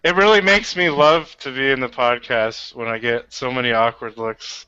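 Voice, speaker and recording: A man's voice: mid-range voice, fairly even intonation, moderate pace, lo-fi sound, over a noisy crowd. A man co-hosting a gaming podcast, chatting casually and joking with friends, swearing now and then. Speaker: podcast co-host.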